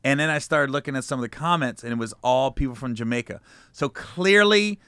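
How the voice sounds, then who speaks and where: A man's voice: mid-range voice, brisk, clean tone, dry recording, studio quality. A man, a comedian guest, telling stories in a casual interview, acting out quoted lines. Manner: animated storyteller acting out quotes. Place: studio.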